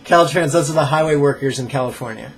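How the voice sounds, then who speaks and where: A man leading a pronunciation drill as a meditation teacher, playful and joking, sounding out syllables slowly and carefully. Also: mid-range voice, soft background music. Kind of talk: pronunciation drill in a live lesson.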